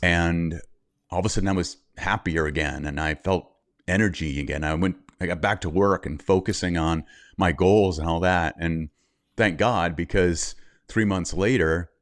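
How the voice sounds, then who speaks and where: A man's voice: low voice, moderate pace, no echo, clean studio sound. A middle-aged man, a podcast guest, telling a personal story candidly and acting out the things people said. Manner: candid, animated storyteller who acts out quotes. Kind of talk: interview storytelling.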